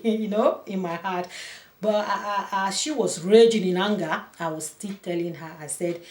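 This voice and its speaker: A woman pastor delivering a sermon, earnest and emphatic, her voice rising to loud peaks. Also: mid-range voice, normal speed. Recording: echoey room.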